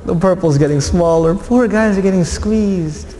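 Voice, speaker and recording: A man with a high voice gives a religious lecture in a large hall. The sound rings with a long reverb. Faint room noise sits underneath. He tells the story with energy and acts out the people's lines as he goes. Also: normal speed, few pauses, warm tone. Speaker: Quranic lecturer. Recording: echoey hall with faint ambience.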